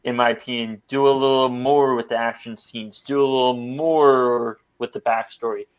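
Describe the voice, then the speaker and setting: A man's voice: mid-range voice, steady tone, normal speed, smooth, dull audio. Man reviewing a film, rambling. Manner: rambling, many restarts and stammers. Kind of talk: casual podcast chat. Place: podcast studio.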